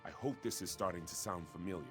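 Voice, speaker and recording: An earnest young warrior prince, formal and urgent, worried for his brother. His voice sits somewhat low. Soft game music plays underneath. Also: fast. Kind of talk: video game voice acting.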